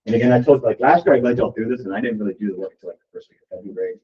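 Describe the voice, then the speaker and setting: A man of middling pitch talks to his team from some way off the microphone, loose and chatty, circling back with "like" as he urges them on. The sound is dull and lo-fi, with the room around him clearly audible. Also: very fast. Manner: casual, rambling, peppered with "like". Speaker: real estate team leader. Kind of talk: motivational talk at a team meeting. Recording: distant, dull lo-fi room recording.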